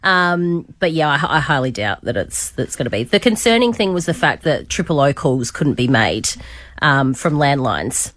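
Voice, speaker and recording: Low-voiced newswoman. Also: sing-song, moderate pace, fairly bright tone, no echo, clean studio sound. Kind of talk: casual news commentary.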